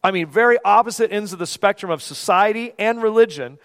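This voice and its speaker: Pastor in his forties, high-pitched, conversational sermon delivery with emphatic swells, heard in a long church reverb. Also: brisk. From United States. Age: 40s. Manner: conversational, emphatic preaching with sudden drops to a hush. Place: church sanctuary.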